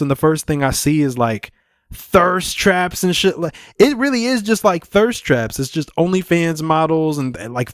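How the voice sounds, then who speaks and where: A man's voice: mid-range voice, no room sound, clean studio sound. A young man hosting a solo podcast, rambling casually with lots of swearing and filler. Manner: profane, rambling, laid-back. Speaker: podcast host.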